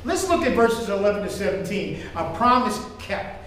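An older man preaching a sermon as pastor, joking and animated. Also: high-pitched, normal speed. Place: church sanctuary. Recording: echoey church hall from far off.

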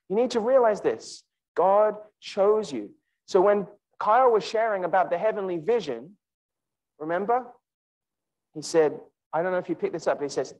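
Man, sermon to university students, emphatic, animated, wide pitch swings, slow repeated key lines. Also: poor audio. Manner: addresses listeners directly by name. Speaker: conference speaker.

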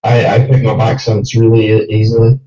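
A man's voice: lowish voice, level tone, fairly quick, dark tone. A man chatting with a stranger on a video call, hesitant and agreeable. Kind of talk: casual video chat. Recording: distant, echoey, muffled video call audio.

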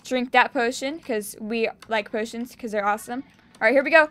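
A young woman giving excitable gameplay commentary, cheering and shrieking as she plays. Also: on the high side, brisk, no echo, faint music behind. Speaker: gaming YouTuber.

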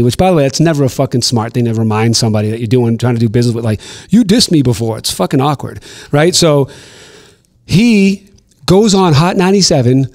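A middle-aged man from Boston, telling stories as a podcast guest in an animated, profane way on a studio mic. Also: medium pitch. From Boston, USA. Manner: animated, profane storyteller acting out quotes. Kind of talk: casual storytelling interview.

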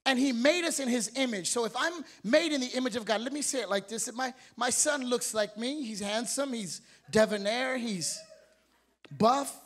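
High-voiced pastor preaching emphatically. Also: male voice, moderate pace, fairly bright tone. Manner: emphatic preaching with call-and-response questions and repeated words; playful, acts out family members. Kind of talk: sermon.

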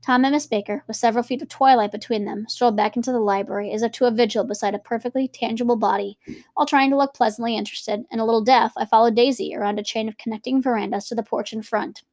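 Fast-reading woman with a high voice. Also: steady tone, a little mellow, dry recording. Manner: quick, conversational asides between reading. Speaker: reader and teacher. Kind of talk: reading a novel aloud with commentary.

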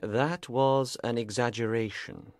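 Guy reading as a grave clever detective, calm and measured, lively pitch, dry close sound. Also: no echo. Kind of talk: audiobook character reading.

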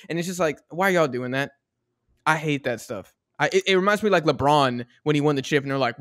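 A man's voice: a little high, brisk, a bit bright, no echo, studio quality. A man with an American accent co-hosting a casual football podcast, ranting animatedly in slang. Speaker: podcast co-host. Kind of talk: casual sports chat.

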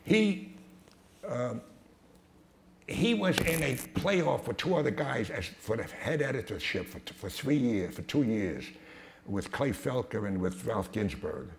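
A man's voice: mid-range voice, very animated, measured pace. An older man telling blunt, profane stories to an audience, stammering and restarting as he goes. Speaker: speaker at a talk. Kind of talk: anecdotal storytelling talk. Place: hall with a live audience. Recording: echoey hall with some noise.

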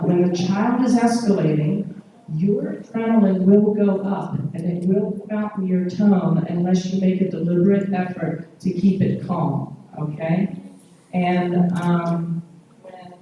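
The recording is lo-fi, with a little hiss or hum, as a low-voiced woman lectures at a conference in an echoey hall via a distant mic. She explains things patiently, pausing, using fillers, and frequently asking listeners "okay?"

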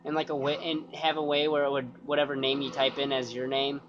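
A man's voice: medium pitch, completely flat delivery, brisk. A man giving loose, rambling gameplay commentary, cursing casually and thinking aloud. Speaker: gaming YouTuber. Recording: dull lo-fi sound with clear noise.

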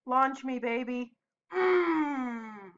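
Brief: high-pitched woman, excitable gameplay host, slightly muffled lo-fi mic. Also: gravelly. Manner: excitable, yelping protests and quick asides. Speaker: gaming video host. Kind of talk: casual gameplay commentary with friends.

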